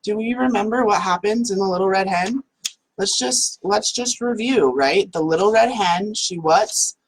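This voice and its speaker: A woman's voice: mid-range voice, normal speed, a little hiss or hum, rough recording. A woman hosting a casual talk from home, chatty and full of "like" fillers. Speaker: host.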